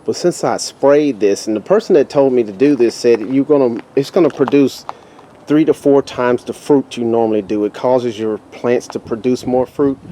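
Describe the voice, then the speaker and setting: A man with a Texan accent walks through his sunny garden with a handheld camera, talking eagerly and tripping over his words. His voice is mellow and relaxed, with faint background noise outdoors. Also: mid-range voice, normal speed. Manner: excited, repeats himself, stumbles over words. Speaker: home gardener showing his plants. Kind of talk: casual walk-through vlog.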